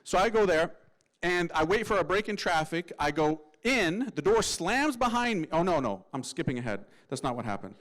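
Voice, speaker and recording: A male priest telling his story with humor and slang, and he mimics the people in it. His voice sits a little higher than most men's. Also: normal speed, low-quality recording. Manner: lively, slangy, acts out voices. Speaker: Catholic priest.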